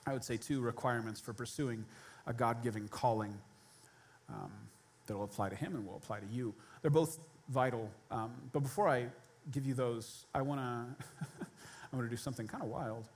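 A man in his thirties preaching a sermon as pastor, telling a biblical story in an animated way and acting out its characters. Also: medium pitch, normal speed, husky.

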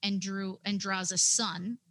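A woman playing a tabletop game, describing her character's gestures step by step in a halting way. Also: mid-range voice, fairly even intonation, fairly bright tone. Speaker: player.

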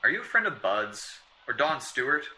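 A man's voice: mid-range voice, very animated, moderate pace, sharp tone, low-quality recording. An actor playing a flustered, stammering male mystery writer in an old-time radio drama.

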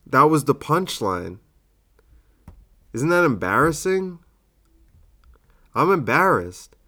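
Comedian hosting alone, unhurried delivery, self-deprecating asides. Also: male voice, fairly high pitch, very animated, sharp tone. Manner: self-deprecating, musing aloud. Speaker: comedian and podcast host. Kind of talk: solo comedy podcast.

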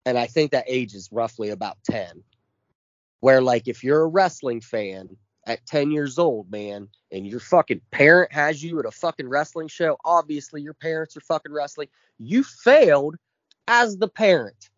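A man's voice: fairly high pitch, animated, moderate pace, no room sound, muffled recording. A man in his forties co-hosting a podcast, ranting with constant swearing and heavy emphasis. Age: 40s. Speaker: podcast co-host. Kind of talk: casual chat.

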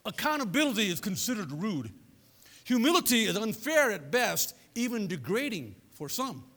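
A man preaching a sermon as pastor, animated and conversational, throwing asides to his congregation. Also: sits high, normal speed. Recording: long reverb of a large hall.

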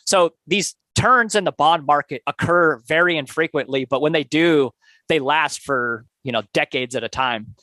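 Speaking at a moderate pace, a man with a fairly high, sharp-toned voice co-hosts a podcast and gives a rambling, filler-heavy summary of a book. The recording is dry.

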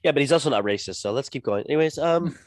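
Deadpan man co-hosting a podcast. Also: mid-range voice, quick pace, no echo, clean studio sound. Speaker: podcast co-host. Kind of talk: casual podcast chat.

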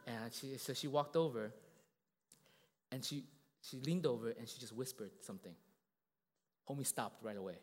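A man preaching in a church, telling a story in a lively, conversational way and checking in with the congregation again and again. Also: mid-range voice, normal speed, long pauses, in a large hall. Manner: animated, conversational, asks many tag questions. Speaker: pastor. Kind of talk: sermon with a told story.

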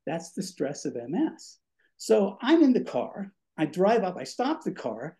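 An older former radio DJ, his voice sitting high and his pace unhurried, tells stories during a podcast interview. He's animated and does voices for the people in his tales, with a slight shortness of breath.

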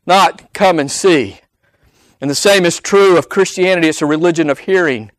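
A man preaches from the pulpit in a high, ringing voice. He leans on repeated phrases to drive each point home. The recording is dry and close, with almost no room. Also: lively intonation, moderate pace, dry recording, poor audio. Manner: emphatic, repeating phrases for weight. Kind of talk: sermon.

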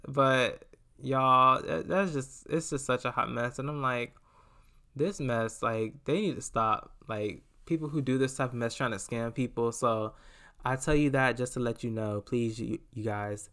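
A man telling a story to his viewers in a casual vlog, animated and chatty, laughing often and calling the listener "girl". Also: medium pitch, normal speed, clean tone.

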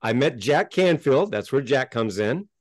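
A middle-aged man telling his story as a podcast guest, animated and emphatic, and he gets worked up as he talks. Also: medium pitch, unhurried, no echo, studio quality. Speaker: interview guest.

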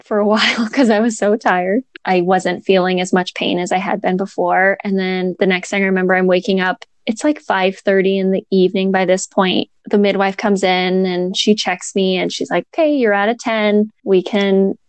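A woman's voice: medium pitch, flat delivery, normal speed, hardly any pauses, no room sound. Chatty young woman laughing through a story. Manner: chatty, laughs often, many "like" fillers. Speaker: new mother telling her birth story. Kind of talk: casual storytelling chat.

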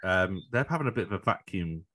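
A man's voice: sits low, expressive, a little fast, bright, forceful tone. A man co-hosting a podcast, chatting casually, laughing easily and tagging on questions. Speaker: podcast co-host. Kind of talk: casual chat.

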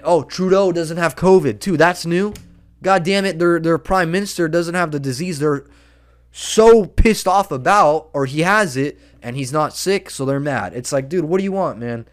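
Man ranting with "dude" and "man". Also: mid-range voice. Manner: profane and excitable, peppered with "dude" and "man". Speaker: podcast host. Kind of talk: solo podcast rant.

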